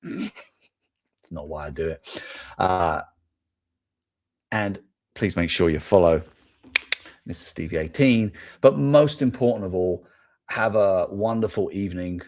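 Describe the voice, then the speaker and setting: Brief: middle-aged English male host, low voice, casual rambling live chat, self-amused. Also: slow, long pauses, darkish tone. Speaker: toy podcast host.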